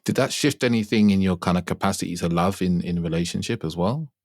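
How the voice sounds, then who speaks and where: Reflective deep-voiced male podcast host. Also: darkish tone, no room sound, clean studio sound. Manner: reflective, halting, restarts often. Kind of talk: podcast interview.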